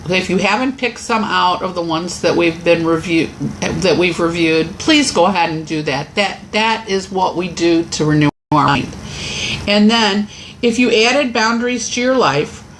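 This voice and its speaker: A woman's voice: on the low side, measured pace, slight background noise, low-quality recording. A middle-aged woman teaching a Christian weight-loss lesson, speaking candidly and encouragingly about her own progress. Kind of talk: personal faith-based lesson.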